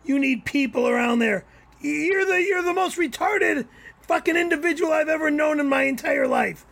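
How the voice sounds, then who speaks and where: Here is a man with a strikingly high voice that grinds with gravel. He rants, blunt and insulting, on a video call. He sounds abrasive throughout. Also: moderate pace, a bit bright. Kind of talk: profane ranting.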